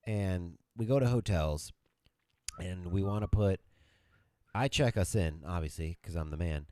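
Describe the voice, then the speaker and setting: A man's voice: sits low, unhurried, darkish tone, no echo, clean studio sound. A man co-hosting a casual podcast with his wife, rambling and teasing as he jumps between topics. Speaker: podcast co-host. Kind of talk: casual couple's podcast banter.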